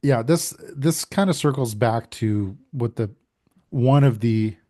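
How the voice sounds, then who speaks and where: A man's voice: mid-range voice, slow, warm tone. A man co-hosting a podcast in a casual chat, easygoing and agreeing often. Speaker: podcast co-host.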